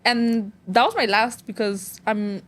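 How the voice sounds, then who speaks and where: Young woman guest, slightly high voice, tells stories, flips between english and spanish a lot. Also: a little slow, fairly bright tone. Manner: storytelling, mixing English and Spanish, acting out others. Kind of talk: casual interview chat.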